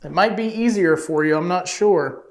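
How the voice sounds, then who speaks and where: A man on a ghost hunt, gently and politely coaxing a spirit with questions, recorded in an office of an old house. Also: high voice, moderate pace. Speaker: paranormal investigator. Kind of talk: ghost-hunting session talk.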